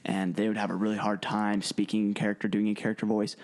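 A man's voice: fairly low pitch, level tone, fast, darkish tone. A young man talking casually about running tabletop games, rambling with many fillers and restarts. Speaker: game master guest. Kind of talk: casual chat.

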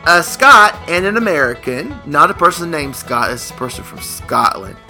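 A man's voice: on the high side, big pitch swings, normal speed, sharp tone, faint music behind. A man co-hosting a radio comedy show, telling jokes in a rambling, playful, teasing way. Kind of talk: joke-telling radio banter.

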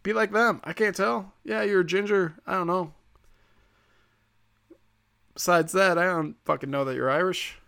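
Gravelly-voiced man ranting profanely. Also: high-pitched, moderate pace, pauses often, a bit bright. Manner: profane, rambling, sarcastic. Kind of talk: casual comedic monologue.

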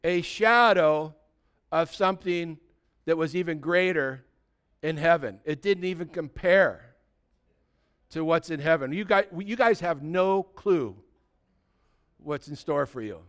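A man's voice: a little high, unhurried, pauses often, smooth. A male pastor delivering an earnest sermon, exhorting his congregation directly.

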